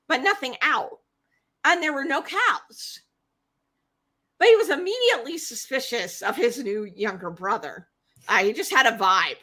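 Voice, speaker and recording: A woman co-hosting a podcast, retelling myths in a casual, animated way and acting out the characters. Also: sits high, slightly rough. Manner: animated retelling with acted-out voices. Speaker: podcast co-host. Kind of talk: casual storytelling.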